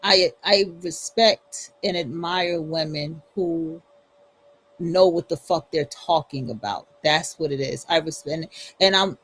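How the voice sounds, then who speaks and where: A woman's voice: medium pitch, slightly rough, low-quality recording. A woman hosting a livestream, ranting bluntly and profanely in casual commentary, with features. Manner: blunt, profane, emphatic repetition. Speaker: livestream host.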